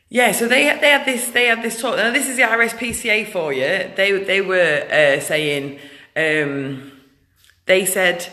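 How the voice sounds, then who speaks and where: A woman ranting in a casual vlog, loud, blunt and indignant. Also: on the low side. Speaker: vlogger, animal rights activist. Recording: echoey room with long reverb.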